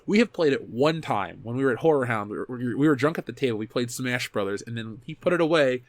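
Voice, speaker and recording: This thirty-something host talks fast in a mid-range voice as he reads out viewer comments on his casual chat show. He's animated, swears a lot, and stops to correct himself partway through sentences.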